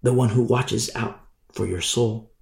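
A man's voice: fairly low pitch, steady tone, a little slow, creaky, a little mellow, roomy sound. A man preaching a sermon as a pastor, emphatic and repetitive, sometimes mocking the voices of hypocrites.

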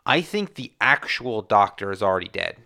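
A man's voice: on the low side, very animated, moderate pace, vocal fry, bright, forceful tone. A man co-hosting a casual movie chat, explaining his theories with frequent stumbles and restarts. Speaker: podcast co-host.

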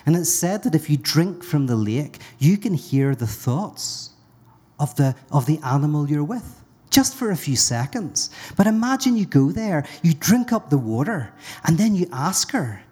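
A man's voice: fairly high pitch, sing-song, unhurried, dark tone, slightly rough, in a large hall, full character voice. A man voicing a slimy male frog line manager in a spoken parable, chummy and conspiratorial. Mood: scheming.

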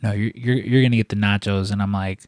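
A man's voice: lowish voice, fairly even intonation, fast, a little mellow, no room sound, studio quality. A man from Chicago with a Chicago accent, chatting casually on a podcast, rambling through stories with lots of swearing and restarts.

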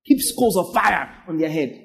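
A man delivers a sermon, pressing each point through repetition and frequent asides to the congregation. His voice sits high for a man and has a husky, grainy edge. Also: expressive, measured pace, a bit bright. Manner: emphatic, repetitive exhortation with frequent "yeah?" to the congregation. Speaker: pastor.

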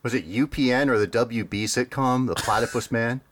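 A man co-hosting a casual podcast chat, rambling and amused, with many fillers and quick laughs. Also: medium pitch, slight background noise. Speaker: podcast co-host.

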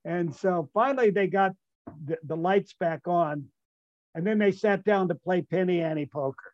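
An older man, a retired baseball player appearing as a guest, tells a rambling, self-amused anecdote full of restarts and fillers. His high-pitched voice moves at a moderate pace over muffled call audio, with no room sound.

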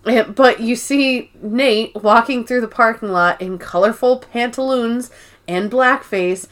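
A woman's voice: fairly high pitch, measured pace. A young woman chats through an episode recap with her co-host, piling on "like" and "um." Her talk is loose and casual, with the occasional swear word. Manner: chatty, swearing, frequent "like" and "um". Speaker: podcast co-host.

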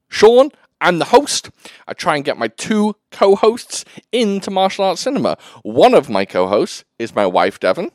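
A man's voice: on the high side, huge pitch swings, a little slow, dry recording. A man hosting a casual podcast, joking and teasing his co-host in a dry home recording. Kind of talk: casual chat.

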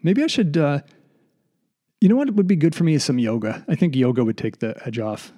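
A man's voice: on the high side, lively intonation, a little fast, warm tone. A man hosting a solo comedy podcast, rambling and self-deprecating, slightly out of breath. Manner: self-deprecating, digressive, mock voices. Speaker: podcast host. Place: basement room.

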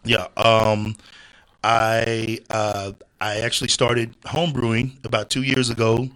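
A man's voice: medium pitch, level tone, takes it slowly, fairly bright tone, rough recording. A man talking as a podcast guest in casual chat, laid-back and peppering his talk with "you know what I'm saying.". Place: indoors, seated at a table with beers.

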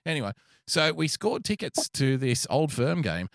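A man spinning a rambling story on a podcast, swearing freely as he goes. His pitch swings widely and his delivery is animated. The sound is dry and close. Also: normal speed, vocal fry, no echo. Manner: profane, animated, rambling anecdotes. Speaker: podcast co-host. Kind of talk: casual storytelling chat.

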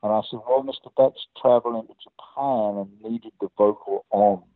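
An older man with an English accent, a guest telling lively anecdotes and acting out the dialogue of the people in them. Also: fairly low pitch, normal speed, dry recording, phone-quality sound. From England. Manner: lively storyteller who acts out quoted dialogue with many restarts. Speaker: guest, record producer and guitarist.

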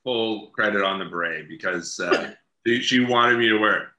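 A man's voice: lowish voice, moderate pace, bright, forceful tone, echoey room. A man being interviewed as an actor, telling stories in casual chat and laughing as he talks. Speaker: actor guest.

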